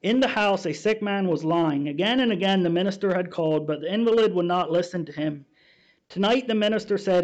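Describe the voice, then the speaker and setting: A pastor reading a story in his sermon, steady and measured, then preaching to his listeners. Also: high voice. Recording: dull, muffled sound.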